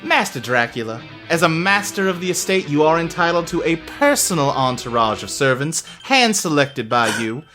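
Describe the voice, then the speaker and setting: A man's voice: fairly high pitch, sing-song, normal speed, hardly any pauses, pushed and bright, soft background music, voice pushed up. A man doing a chipper woman head butler. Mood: formal. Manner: chipper, upbeat, sing-song. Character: cheery new woman head butler, eager to please.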